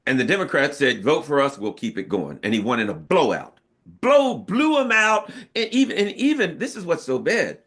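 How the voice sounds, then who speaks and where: An American man talking politics in a loose, conversational way. His pitch jumps up and down a lot as he drives his points home. He keeps throwing in quick rhetorical asides. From United States. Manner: animated, emphatic, with frequent rhetorical asides. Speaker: political commentator. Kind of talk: casual political talk.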